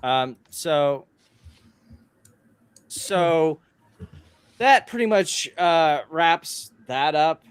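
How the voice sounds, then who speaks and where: Male co-host, sarcastic and exasperated, lively swings in pitch, dry close mic. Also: drawn-out words, long pauses, clear, resonant tone, dry recording. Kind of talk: casual commentary show.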